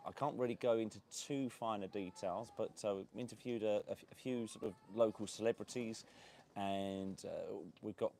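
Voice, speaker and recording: A man with a low, gravelly voice hosts a casual live stream from an outdoor beachside cafe. He rambles cheerfully and laughs often, with a faint hum of outdoor ambience behind him. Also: normal speed, dark tone. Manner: chatty, rambling, laughs often, many fillers. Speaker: host of a property and lifestyle channel.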